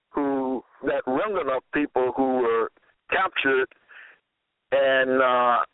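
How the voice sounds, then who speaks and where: A man preaching a sermon and reading scripture aloud, slow and deliberate, often repeating phrases. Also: medium pitch, no room sound. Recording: tinny phone-line audio.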